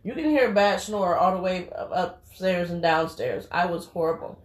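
A woman's voice: on the low side, moderate pace. Blunt, preachy woman in an echoey room. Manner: blunt, preachy, swears casually. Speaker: podcast co-host. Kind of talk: casual chat.

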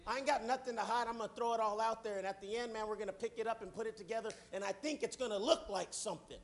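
A middle-aged man preaching with fervor and a strikingly high voice. He swings from soft, low passages to ringing shouts at the congregation. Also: racing. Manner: fervent, building to shouts. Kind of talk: sermon.

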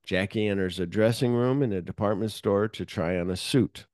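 A man's voice: lowish voice, normal speed, dry recording, studio quality. A man hosting a podcast, casually recapping a film plot with lots of fillers and offhand swearing. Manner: animated retelling, mixing read plot summary with offhand asides. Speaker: podcast host. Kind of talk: casual movie recap chat.

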